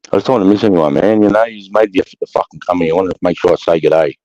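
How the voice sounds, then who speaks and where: An Australian man hosting a livestream, giving sweary, matey shout-outs to his chat in a casual way. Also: sits low, quick pace, dry recording, dull audio. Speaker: livestream host.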